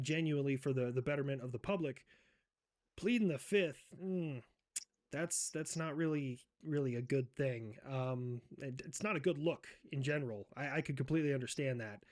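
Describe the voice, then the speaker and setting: A man hosting a satirical comedy role-play, talking in a profane, mocking way with shouted outbursts. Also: medium pitch, normal speed. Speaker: host.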